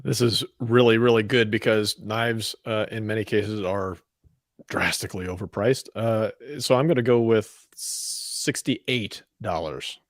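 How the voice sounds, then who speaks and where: Dry, low-voiced male radio co-host. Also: measured pace, no echo. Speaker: co-host and news reader. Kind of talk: casual chat and reading news items.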